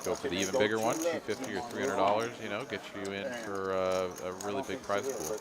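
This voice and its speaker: A man's voice: fairly low pitch, fast. A man giving conversational live play-by-play on a poker game, talking through the betting logic. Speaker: poker commentator. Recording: loud card-room crowd behind. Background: crowd chatter of a card room.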